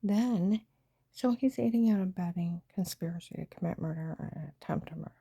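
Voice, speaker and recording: Low raspy woman ranting thru her story, half whispering, dark gravelly voice. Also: fairly quick, no echo. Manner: agitated, emphatic retelling with quoted dialogue. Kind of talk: personal storytelling vlog.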